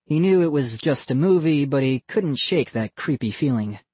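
Animated, husky audiobook narrator. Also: mid-range voice, moderate pace, dry recording. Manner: expressive, reads every character. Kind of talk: scripted narration.

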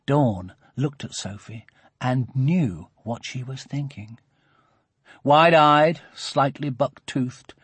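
A man narrating a children's audiobook in a husky, expressive storytelling voice. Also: on the high side, dry recording.

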